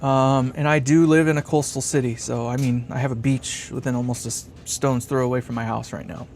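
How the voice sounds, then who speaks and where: A man's voice: medium pitch, level tone, fairly quick, gravelly, a little mellow, slight background noise. Rambling man on a live stream. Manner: rambling, thinking aloud, chuckling often. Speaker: live-stream host building a guitar amp. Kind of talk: casual live-stream chat, reading comments. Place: workshop bench.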